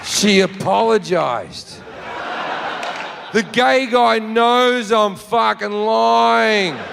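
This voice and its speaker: A man with an Australian accent telling a story as a stand-up comedian on stage. He talks in a brash, profane way and builds up to shouts. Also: high-pitched, extremely slow, gravelly, a crowd in the background, noisy background. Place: comedy stage before a live audience. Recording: live hall with faint audience.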